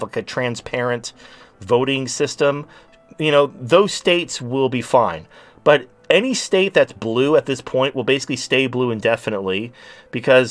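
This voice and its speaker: A man's voice: mid-range voice, fairly bright tone. Blunt, profane man in his late thirties. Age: late 30s. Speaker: podcast host. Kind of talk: casual talk-show rant.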